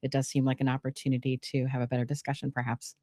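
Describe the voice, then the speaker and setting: A woman's voice: very deep voice, level tone, fast talker, warm tone, no room sound. Reflective woman guest, dry close sound. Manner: reflective, searching for words. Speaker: guest, cognitive archaeologist. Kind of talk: casual interview talk. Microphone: own microphone in an online audio space.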